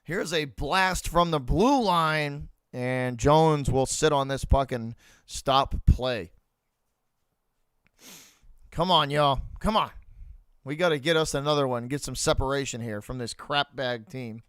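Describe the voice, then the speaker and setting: A man with a Boston accent streams live hockey play-by-play as a fan, chatting with his viewers and rooting for Boston. His medium-pitched voice is slow, clear and resonant with a fairly bright tone, and the recording is dry.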